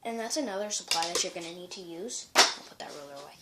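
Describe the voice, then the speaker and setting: A man's voice: high voice, expressive, quick pace, heavy background noise. A man casually showing and reading his own comic strips, rambling with many restarts. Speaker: amateur comic strip creator.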